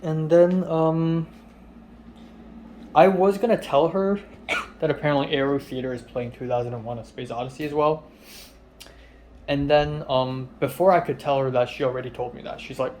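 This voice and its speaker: A young man speaks at normal speed with long pauses, rambling through a personal story with plenty of fillers. His low-key, flat delivery often trails off quietly, and a little hiss or hum is audible.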